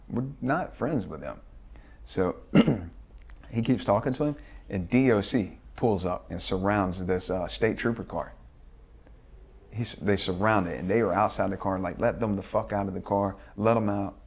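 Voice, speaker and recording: Interview guest, male, low and gravelly voice, profane and lively storyteller who acts out the quotes. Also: moderate pace.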